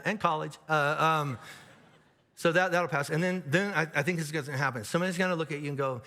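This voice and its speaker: A man preaching a sermon as pastor, in a conversational, animated way with frequent restarts and asides. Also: a little high, fairly quick, pauses often. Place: large church auditorium. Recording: long hall reverb from live church.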